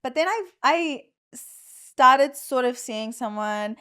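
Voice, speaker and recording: A young Australian woman with a slightly high voice talks frankly and casually as a podcast guest. She laughs easily and fills her sentences with "like" and "um". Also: animated, slow pace, pushed and bright, smooth. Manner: frank and laughing, many fillers. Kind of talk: casual chat.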